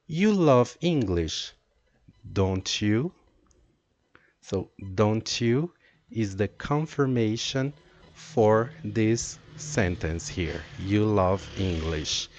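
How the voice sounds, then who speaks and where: A man teaching an English grammar lesson, explaining slowly and reading out example sentences. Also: lowish voice, dry recording. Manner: slow, deliberate explaining with drawn-out example sentences.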